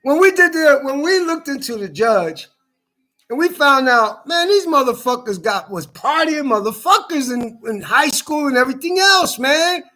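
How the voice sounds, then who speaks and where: Man, very high-pitched, sharp bright tone, profane heated rant, stumbling restarts. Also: very animated, moderate pace, soft background music. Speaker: social media commentator. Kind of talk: ranting monologue.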